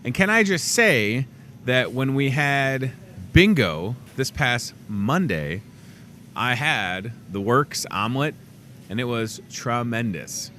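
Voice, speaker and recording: A man's voice: slow, a little hiss or hum. A man hosting a casual in-store show, chatting loosely and joking as he runs through the week's deals. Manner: chatty, joking asides, lively swings in pitch. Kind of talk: casual promo chat. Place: grocery store.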